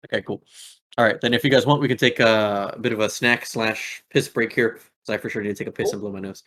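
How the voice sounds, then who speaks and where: A man's voice: lowish voice, fairly even intonation, fast talker, a bit bright. A young man running a tabletop game as game master, rambling with many fillers and laughing at his own slips.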